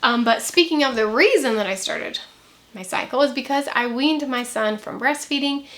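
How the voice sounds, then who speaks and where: A young woman vlogging to camera in a chatty, rambling way, talking quickly and laughing now and then. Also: high voice, a bit bright. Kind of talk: casual chat to camera.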